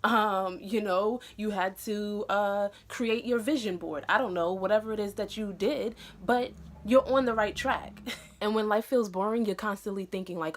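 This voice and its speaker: A young woman gives her viewers an earnest pep talk in a casual vlog. Her voice sits at a middle pitch, and she fills the gaps with "um" and "you know". She gets animated in bursts as she talks. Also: normal speed. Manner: earnest and encouraging, many "um" and "you know" fillers. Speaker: vlogger.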